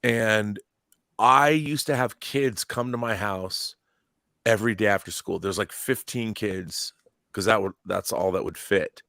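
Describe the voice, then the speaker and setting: A man in his fifties, co-hosting a podcast, telling blunt, lively stories and acting out the dialogue in them. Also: lowish voice, measured pace, no echo, studio quality. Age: 50s. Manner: animated anecdotes, blunt, acts out dialogue. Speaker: podcast co-host. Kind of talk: casual storytelling chat.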